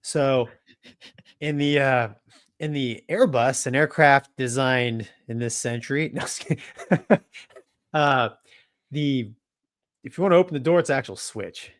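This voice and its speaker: A relaxed, joking male co-host with a middle-pitched voice, recorded dry and close. He chats casually about flying and breaks into easy laughter. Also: measured pace, pauses often, no room sound. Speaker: co-host, former fighter and airline pilot. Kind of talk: casual aviation chat.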